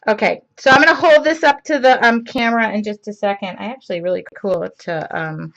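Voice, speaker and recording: Painting during a live-streamed art class, a woman greets viewers by name, chats with them, and mutters to herself. She speaks fairly quickly at a medium pitch with a fairly bright tone, though her computer mic makes the audio dull.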